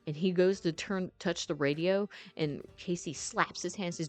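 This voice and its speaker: Low-voiced woman rambling through a story. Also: moderate pace, few pauses. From North Carolina. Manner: rambling, many fillers and restarts, swearing. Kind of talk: casual storytime narration. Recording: faint music behind.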